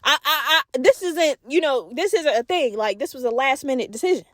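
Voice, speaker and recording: Woman podcast host, young, high-pitched, dry booth sound; brash, profane storyteller who addresses the audience. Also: brisk, dry recording. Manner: profane, animated, talks straight to listeners. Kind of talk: casual storytelling. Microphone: podcast mic.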